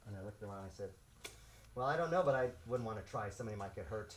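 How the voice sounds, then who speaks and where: A man in his sixties who grew up in Los Angeles, a martial arts instructor telling stories to his students and acting out the shouts, laughing often. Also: fairly low pitch, rapid-fire, a little hiss or hum. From South Central Los Angeles. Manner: animated, acts out shouts and quotes, laughs often. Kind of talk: storytelling to students.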